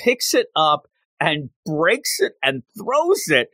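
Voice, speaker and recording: A man co-hosting a podcast and telling a casual, joking recap of a cartoon episode like an animated storyteller. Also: on the high side, slow pace, dry recording. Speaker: podcast co-host.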